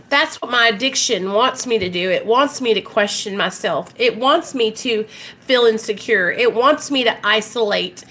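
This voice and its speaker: Young woman, candid live-stream host; slightly high, bright tone. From Arkansas, US. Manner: emotional, candid, talks to viewers directly with frequent fillers and swearing. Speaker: recovery vlogger hosting a live stream. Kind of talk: casual live stream chat.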